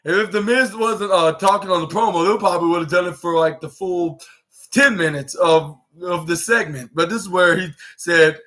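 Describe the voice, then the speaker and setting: High, bright-voiced young man rambling. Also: normal speed. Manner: rambling, many restarts, acts out quoted lines. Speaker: podcast host. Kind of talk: casual wrestling recap.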